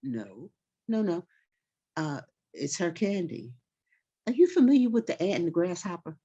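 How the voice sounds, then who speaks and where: A woman voicing her calm, wise old grandmother, who patiently teaches the children a lesson. The grandmother speaks slowly and gently. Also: fairly low pitch, breathy edge, voice pushed up. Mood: calm, teaching. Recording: slightly dull recording.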